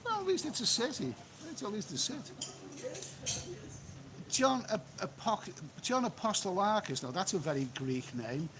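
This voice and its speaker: A man's voice: high-pitched, sing-song, moderate pace, a bit bright, slight background noise, rough recording. A man doing a rambling live-stream chat, reading out and answering viewer comments by phone from an outdoor beach cafe. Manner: chatty, rambling, repeats himself. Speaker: travel vlogger.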